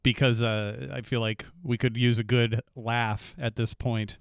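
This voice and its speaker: A man's voice: medium pitch, little pitch movement, a little slow, vocal fry, clear, resonant tone, dry recording. Dry-sounding male podcast host. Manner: friendly, joking interviewer. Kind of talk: casual podcast interview.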